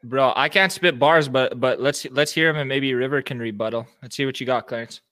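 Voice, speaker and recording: A man's voice: medium pitch, fairly quick, bright, forceful tone. A man hosting a casual comedic interview, egging the guest on with slang like "bro" and laughing often.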